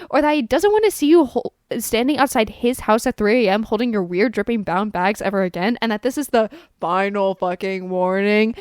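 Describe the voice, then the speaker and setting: A woman's voice: mid-range voice, brisk, hardly any pauses, a little mellow, clear, resonant tone, dry recording, clean studio sound. A guest woman reacting to online posts with incredulous, sarcastic comments. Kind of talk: casual comedic reactions.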